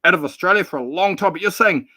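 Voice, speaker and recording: A man with a high, bright, sharp voice argues combatively and sarcastically, swearing freely in a heated casual debate. The sound is close and dry, as if over an online call mic. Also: quick pace, no echo. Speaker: panel guest, boxing fan.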